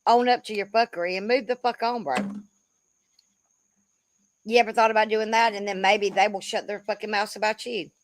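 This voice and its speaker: A woman's voice: medium pitch, steady tone, brisk, long pauses, no echo. A woman in her fifties giving a blunt, profane, rambling commentary rant, often calling people "bro.". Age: 50s. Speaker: commentary creator.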